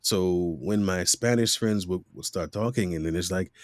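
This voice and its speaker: A man's voice: low-pitched, normal speed, no room sound, clean studio sound. A middle-aged man from Miami, a voice actor guest telling stories in a casual interview and acting out the voices he quotes. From Miami, USA. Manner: animated storyteller who acts out quoted voices.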